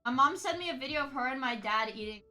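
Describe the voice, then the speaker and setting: Bright, animated woman streamer chatting. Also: high-pitched, quick pace, faint music behind. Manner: animated, laughing, bursts into shouting. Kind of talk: casual chat.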